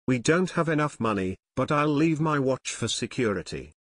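An earnest, level-headed teenage sleuth, calm and measured, as a male narrator reads him. The voice sits at an ordinary mid pitch and the sound is dry. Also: no room sound, natural voice.

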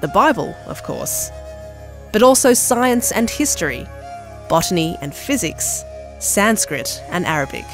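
High-voiced man narrating a documentary. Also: very animated, a bit bright, faint music behind. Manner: measured, earnest storytelling.

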